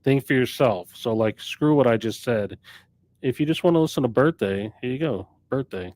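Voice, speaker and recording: With an expressive, darkish medium-pitched voice at normal speed, this record store owner chats casually on a live stream about the latest arrivals. His talk rambles unscripted, and he frequently corrects himself mid-sentence.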